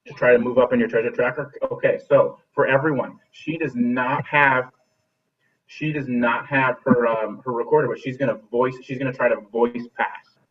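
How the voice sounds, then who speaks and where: A man's voice: medium pitch, fairly even intonation, moderate pace, husky. A man teaching a remote music class over a video call, encouraging and often repeating or restarting his phrases. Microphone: laptop video call. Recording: distant dull video call audio.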